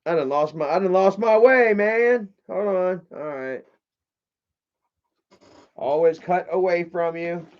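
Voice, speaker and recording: Male streamer, slightly high voice, rambling and profane, muffled lo-fi audio. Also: slow pace, long pauses. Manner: rambling, swears casually, shouts out chat viewers. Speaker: livestream host. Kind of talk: casual livestream chat.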